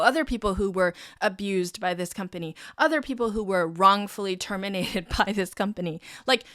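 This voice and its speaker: Young woman career coach, frank and encouraging, casual swearing, mid pitch, dry close-mic sound. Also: fairly bright tone, no echo. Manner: mimics listeners in quick high voices. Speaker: career coach and podcast host. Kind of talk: casual advice podcast.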